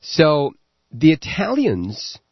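A man hosting a political talk radio show, delivering a sarcastic commentary monologue with frequent halting fillers. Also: fairly high pitch, wildly swooping pitch, slightly rough, no room sound, highs cut off.

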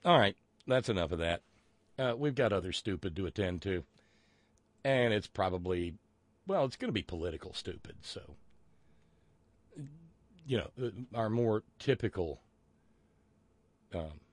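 A man's voice: low voice, animated, a little slow, long pauses, dry recording. A man hosting a live talk show, reading listener messages aloud in a rambling, sardonic way with plenty of fillers. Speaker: show host.

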